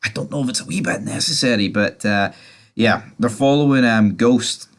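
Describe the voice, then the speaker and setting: A man's voice: medium pitch, normal speed. A young man giving a casual, chatty recap and review of a TV episode, full of fillers and the odd swear word. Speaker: TV series reviewer.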